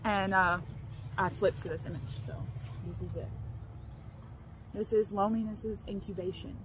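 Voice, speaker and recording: A woman's voice: medium pitch, steady tone, normal speed. A woman vlogging in a casual, earnest, rambling way, restarting her sentences, with faint noise behind her. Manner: rambling and earnest, restarts often, laughs between thoughts. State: emotional, choked up. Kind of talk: casual vlog talk.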